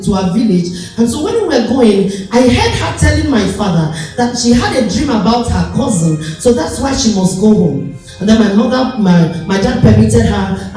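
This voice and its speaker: A Nigerian woman apostle preaching a sermon, telling stories and acting out quotes with sudden high shouts. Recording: echoey hall, voice from far off, music behind.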